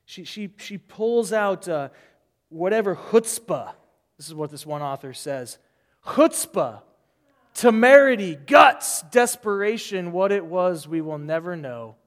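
Man, pastor, lively sermon delivery, high-pitched voice, long hall echo. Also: a little slow. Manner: animated, acts out voices in the story.

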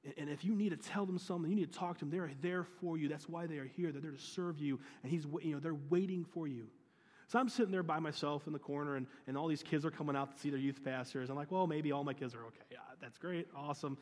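A man's voice: fairly high pitch, quick pace, darkish tone, big-room sound. A man, a youth pastor, telling a personal story in an earnest sermon, often restarting and acting out dialogue.

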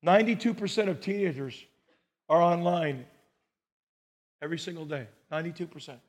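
A male pastor preaching a sermon, telling stories and moving between hushed lines and emphatic ones. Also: sits high.

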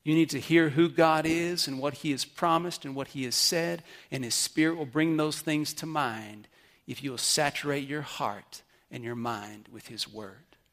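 A man's voice: fairly high pitch, moderate pace, a bit bright. Earnest pastor preaching, man. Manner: earnest teaching with questions to the congregation. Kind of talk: sermon. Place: church service.

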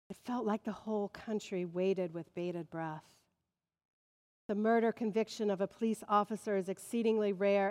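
A woman's voice: mid-range voice, darkish tone. Woman preaching in a reverberant hall. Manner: measured preaching with rising emphatic swells. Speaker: pastor. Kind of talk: sermon. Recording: long reverb of a large hall.

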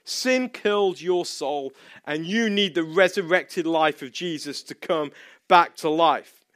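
A man's voice: fairly high pitch, slow, a bit bright, no room sound, clean studio sound. A man from England preaching a sermon as pastor, conversational and storytelling, with emphatic repeated phrases.

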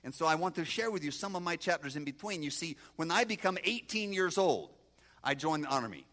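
A man in his sixties from Moldova with a Moldovan accent and broken English, giving an animated testimony sermon and talking back to his audience. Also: on the high side, a little fast. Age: 60s. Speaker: guest preacher.

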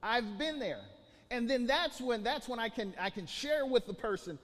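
Preacher, male, high voice, emphatic sermon delivery with restarts, long hall reverb. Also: expressive, moderate pace, a bit bright. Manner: preaching with rising emphatic bursts and many restarts. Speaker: pastor.

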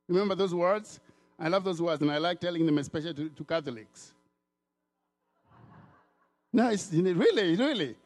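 A man from Africa preaching a sermon in an animated way, repeating words and acting out the voices of people he quotes. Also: a little high, normal speed, long pauses, faint music behind.

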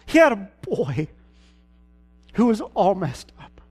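High-voiced man preaching a folksy sermon. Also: huge pitch swings, takes it slowly, a little mellow, husky. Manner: storytelling, casual and folksy. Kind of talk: sermon retelling a Gospel story.

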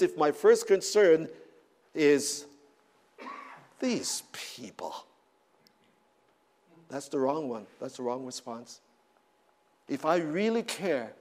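A man's voice: fairly high pitch, a little mellow. A man preaching a sermon, repeating words and rising in emphatic bursts.

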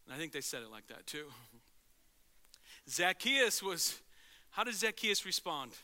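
A male pastor preaching a sermon in an animated way, swinging from loud to hushed and acting out quotes. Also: a little high, unhurried, pauses often.

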